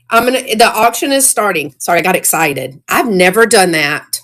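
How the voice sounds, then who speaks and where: A woman hosting a casual live-stream sale, chatty and excitable, greeting viewers by name. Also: fairly low pitch, normal speed, few pauses.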